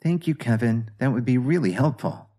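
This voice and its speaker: A man voicing a polite young wife who speaks gently and in a hurry. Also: medium pitch, lightly acted. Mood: polite, gentle. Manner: gentle, hurried, placating. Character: young wife, polite and busy office worker.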